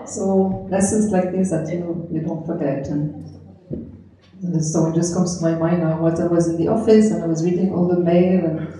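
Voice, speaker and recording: A middle-aged woman swami shares memories of her teacher at an anniversary gathering. She tells her stories gently and laughs softly and often. Her voice is mellow and somewhat low, and it rings out through a heavily echoing room. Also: fairly even intonation, normal speed. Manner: gentle storytelling with frequent soft laughter. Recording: very echoey room.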